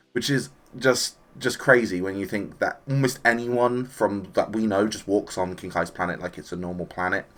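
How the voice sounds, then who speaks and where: With a medium-pitched voice, this man talks through an anime episode in a casual, enthusiastic review, lively and chatty, sometimes acting out what the characters say.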